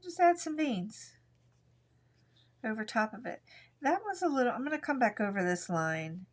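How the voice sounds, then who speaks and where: A woman hosting a live art tutorial, chatting in a relaxed way and describing each pencil stroke as she colors at her craft desk. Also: a little high, moderate pace. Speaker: art instructor.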